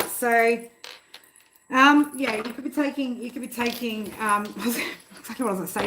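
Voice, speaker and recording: A woman's voice: mid-range voice, a bit bright, slight background noise. A woman hosting a live tarot stream from home, chatty and easygoing, swearing freely and laughing often. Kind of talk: casual live-stream chat. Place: home room.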